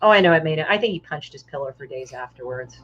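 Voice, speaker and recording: This low-voiced woman speaks quickly and expressively, with a slightly bright tone. She's a comic artist guesting on a relaxed podcast, swearing freely, talking bluntly and performing other people's lines as she tells stories. The recording sounds muffled, dull and lo-fi.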